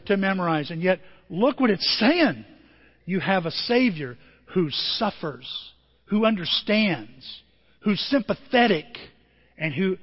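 A man pastor preaching a sermon with emotion, his voice moving from quiet and tender to loud and emphatic. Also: sits high, animated, measured pace, in a large hall, muffled recording. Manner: emotional, swings from soft to emphatic.

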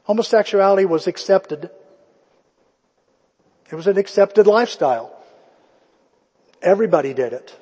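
Husky-voiced preacher telling a story. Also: male voice, high voice, lively intonation, moderate pace, long pauses, warm tone, in a large hall. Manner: conversational storytelling, acting out quotes. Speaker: pastor. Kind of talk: sermon.

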